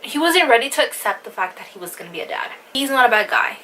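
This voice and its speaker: A woman's voice: on the high side, sing-song, quick pace, bright, forceful tone, slight background noise, poor audio. A young woman vlogger telling a personal story in a rambling, casual way, full of fillers and swearing.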